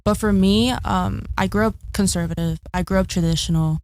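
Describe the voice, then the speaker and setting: A woman's voice: fairly low pitch, fairly even intonation, fairly quick, a little mellow, a little hiss or hum. A woman speaking as a guest in a casual panel chat, giving her opinions thoughtfully with a lot of fillers.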